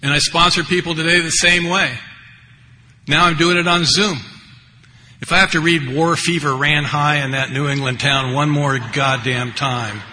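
A man's voice: fairly high pitch, fairly even intonation, moderate pace, sharp tone. An older man giving a rambling, wry personal recovery share, full of conversational asides. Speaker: speaker at a recovery meeting. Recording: echoey hall, faint background noise.

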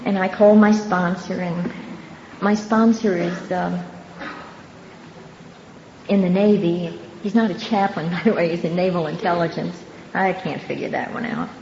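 An older woman giving her personal testimony at a recovery meeting, telling her story earnestly and unhurriedly with pauses and soft laughs. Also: fairly low pitch, fairly even intonation. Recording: dull, roomy hall recording with faint background noise.

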